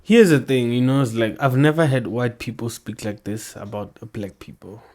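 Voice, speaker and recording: A man's voice: medium pitch, normal speed, a little mellow. A man hosting, giving casual blunt commentary and arguing back at clips. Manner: blunt, argumentative, keeps saying bro. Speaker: host.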